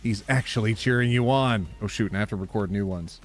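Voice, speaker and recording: A man's voice: fairly low pitch, fast talker, soft background music. A man from Canada playing a game on stream, reading its text aloud in a playful, joking way. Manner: playful, joking, laughs often. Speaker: gaming streamer.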